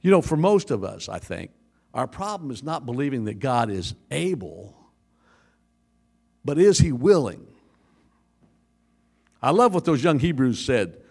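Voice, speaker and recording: Lively joking pastor, a man. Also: mid-range voice, slow pace, pauses often. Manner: lively storytelling with jokes. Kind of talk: sermon.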